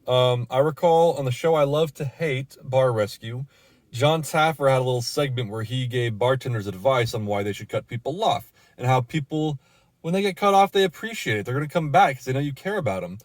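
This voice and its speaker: Bar-manager type, male, mid-pitched, rambling and profane as he tells a story, recorded dry. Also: fairly quick, no echo. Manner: casual and profane, with many fillers and restarts. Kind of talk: storytelling rant.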